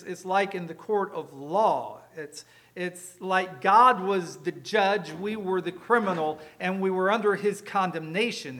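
A man's voice: sits high, fairly bright tone. A man preaching a sermon as pastor, emphatic and explanatory, often asking the congregation rhetorical questions. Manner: emphatic preaching with rhetorical questions, repeats words when restarting.

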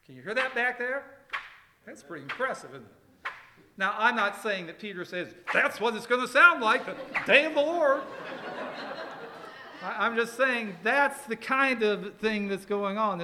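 A man preaching in a church with a high, bright voice. He talks in a folksy, conversational way and slows down for emphasis. He asks the back rows questions. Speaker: pastor. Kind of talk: expository sermon.

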